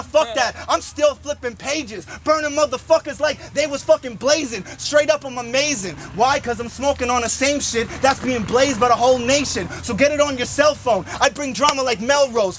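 A man's voice: extremely high pitch, a bit bright. A man from Lethbridge in a freestyle rap battle, rhyming in a brash, profane, boastful way at an outdoor park event. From Lethbridge, Canada. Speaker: battle rapper. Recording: noisy outdoor recording.

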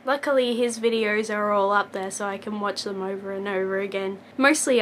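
A young woman rambling excitedly in a casual fan vlog at home, jumping between gushing and poking fun at herself. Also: medium pitch, a little hiss or hum. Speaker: vlogger.

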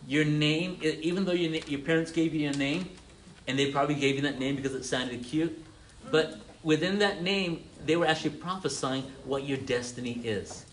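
A man's voice: fairly high pitch, moderate pace. A man preaching an interactive sermon to a congregation, calling on listeners by name, repeating their answers, and often restarting his words. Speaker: pastor teaching a congregation.

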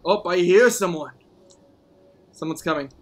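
A male gaming host giving live gameplay commentary, excitable, whooping and playfully taunting opponents. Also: high voice, measured pace.

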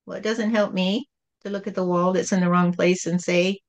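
A woman channeling God as a calm, patient spirit, speaking in a gentle, repetitive teaching tone. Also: fairly low pitch, normal speed, muffled recording, natural voice.

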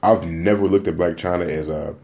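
A man's voice: low-pitched, fairly even intonation, fairly quick, mellow. A young man hosting his own podcast, talking casually and joking, rambling and restarting his sentences. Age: young adult. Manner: rambling, joking, repeats words and restarts often. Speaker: podcast host. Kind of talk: casual solo podcast monologue.

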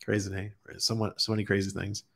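A man's voice: fairly low pitch, fast talker, vocal fry, slightly rough. Laid-back man hosting a live chat. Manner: relaxed, chuckles often, greets chat viewers by name. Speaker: crypto livestream host. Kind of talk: casual live-stream chat reading viewer comments.

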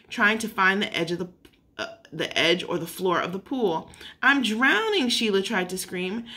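A woman's voice: mid-range voice, sharp tone. A woman reading a children's story aloud, unpolished, with occasional slips and self-corrections. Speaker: narrator.

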